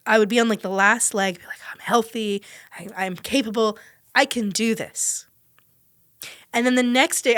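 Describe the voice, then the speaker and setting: A woman's voice: fairly high pitch, a bit bright, dry recording, studio quality. A young woman hosting a podcast, telling a personal story in a chatty, self-deprecating way and laughing often. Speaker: podcast host. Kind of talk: casual storytelling monologue.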